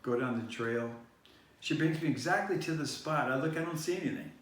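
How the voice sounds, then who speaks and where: A man rambles through a personal story, circling back and restarting his sentences as he goes. He sits far from the mic in a very echoey room, and a faint hiss runs underneath. His voice sits at an ordinary middle pitch. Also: fairly quick. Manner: meandering, many fillers and restarts. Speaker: vlog host.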